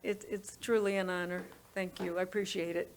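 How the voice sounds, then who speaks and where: A woman guest speaking softly in an interview, thanking the host. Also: lowish voice, little pitch movement, a little fast, slight background noise. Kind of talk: interview talk.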